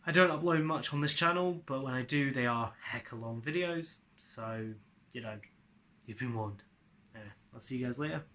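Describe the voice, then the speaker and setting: A man's voice: medium pitch, normal speed, bright, forceful tone, slight background noise. A man casually explaining his own story adaptation to viewers, in a loose, offhand way with fillers and the odd swear. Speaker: video creator summarizing his series adaptation. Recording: echoey room.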